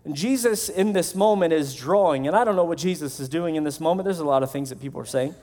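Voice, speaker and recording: A man's voice: on the high side, fast talker, dark tone. A male pastor preaching a sermon in a conversational way, acting out the voices of the people he quotes.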